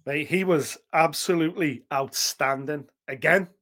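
A man co-hosting a fight podcast, talking in an excitable, gushing way and swearing freely. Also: a little high, unhurried. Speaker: podcast co-host. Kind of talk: casual MMA chat.

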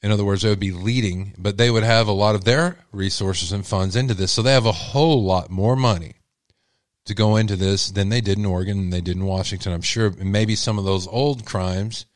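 Man, Texan accent, true-crime channel host, lowish voice, dry close sound, blunt and rambling. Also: no room sound. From Texas. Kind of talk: casual commentary to viewers.

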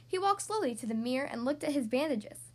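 A woman reading a children's storybook aloud in a gentle, expressive manner. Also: sits high, a little fast.

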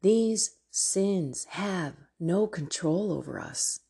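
A woman podcast host leading an earnest, fervent spoken prayer, pleading in a breathy voice. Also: fairly low pitch, expressive, extremely slow, mellow. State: tearful.

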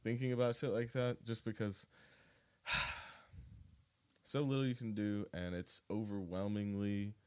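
A man's voice: fairly low pitch, level tone, a little slow, pauses often, clear, resonant tone. A man co-hosting a podcast in casual, rambling, self-deprecating chat. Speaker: podcast co-host.

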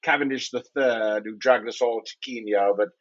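A man's voice: mid-range voice, steady tone, moderate pace, lightly acted. Man playing a chatty English big-game hunter. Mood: genial. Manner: chatty, genteel, full of filler asides. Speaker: player. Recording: slightly dull lo-fi audio.

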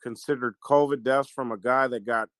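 A man's voice: mid-range voice, steady tone, normal speed, fairly bright tone, no room sound. A man telling a personal family story in an earnest way, often stopping and restarting as he talks. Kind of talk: casual conversation, personal story.

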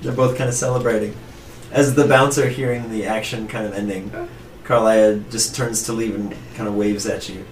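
A man narrating a tabletop game as game master, in a relaxed, descriptive way full of "like" and "just". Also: on the low side, moderate pace, a little hiss or hum. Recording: roomy, distant mic with music.

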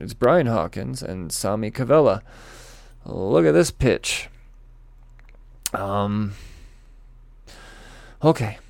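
A man's voice: mid-range voice, vocal fry, darkish tone, dry recording. A man rambling casually through comic previews, stumbling over names, swearing and joking at his own expense. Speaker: comics vlogger.

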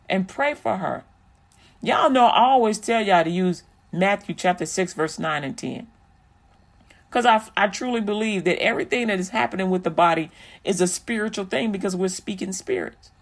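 Preachy, encouraging vlogger. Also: mid-range voice. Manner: repetitive, encouraging, sermon-like. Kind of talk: preachy inspirational commentary.

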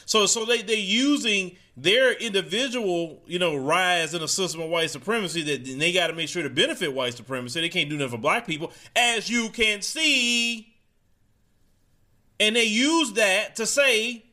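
A man's voice: sits high, lively intonation, normal speed, bright, forceful tone. A man delivering a heated opinion monologue straight to his audience, preachy and casual, mocking the people he quotes. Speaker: commentator.

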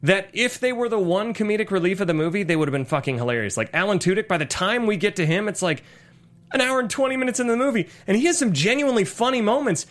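A young adult man co-hosting a casual movie podcast, animated and swearing freely. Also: high voice, fast. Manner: animated, swears freely, does mock voices. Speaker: podcast co-host.

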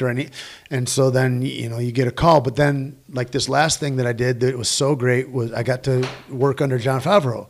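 A man's voice: mid-range voice, steady tone, a little fast, darkish tone. A man who works as a stunt performer, telling rambling, profane anecdotes with quoted dialogue in a casual interview.

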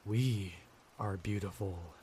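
A man voicing a creature that mimics a young man, speaking slowly in a halting, stammering way. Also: sits low, dark tone, a little hiss or hum, pitched below the performer's own voice. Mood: eerie.

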